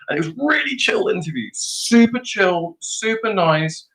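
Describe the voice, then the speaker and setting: A man's voice: a little high, big pitch swings, a little fast, hardly any pauses, a bit bright, slightly rough, poor audio. A young British man telling a rambling story on a podcast, full of fillers and swearing. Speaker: podcast guest. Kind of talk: casual storytelling chat.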